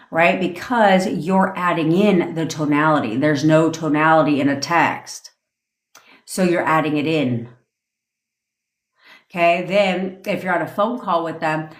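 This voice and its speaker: A woman with a low voice gives a blunt, profane rant about manifestation, talking in a loose conversational way. She acts out different tones of voice in her examples, and the sound carries an echo from the room. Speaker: manifestation coach. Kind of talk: livestream rant.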